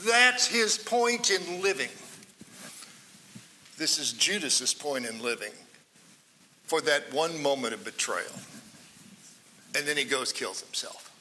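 A male preacher teaches through scripture slowly and deliberately, his voice high for a man and strikingly bright. He leans into quoted shouts and then drops to near-whispers for emphasis. The sound rings with the long reverb of a large hall. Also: lively intonation, a little hiss or hum. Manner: dramatic, swings between loud quoted cries and hushed asides. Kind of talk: sermon, Bible teaching.

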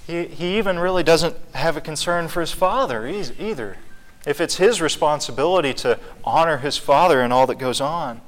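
A man's voice: a little high, animated, normal speed, long reverb tail. A man leading a Bible study, teaching conversationally and asking the group questions.

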